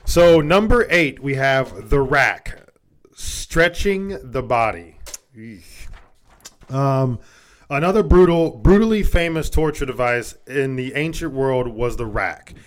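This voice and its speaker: A man's voice: mid-range voice, expressive, a little slow. A man co-hosting a casual podcast, reading a list aloud, stumbling over words and swearing. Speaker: podcast co-host.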